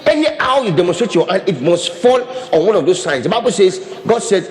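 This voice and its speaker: A pastor with a high, sing-song voice preaches fairly quickly and animatedly, repeating and restarting phrases while demonstrating with his hands. The recording carries a hall's long reverb.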